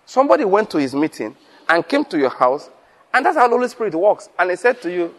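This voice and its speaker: Animated preacher man. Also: sits high, quick pace. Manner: lively storytelling, acts out dialogue, laughs often. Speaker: pastor. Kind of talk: sermon to fellow preachers.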